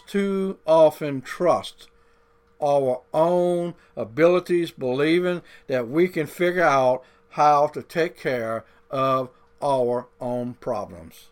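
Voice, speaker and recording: A male pastor delivering a sermon, drawing out key words and repeating points, with folksy grammar. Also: on the high side. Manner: deliberate, drawn-out emphasis with folksy grammar.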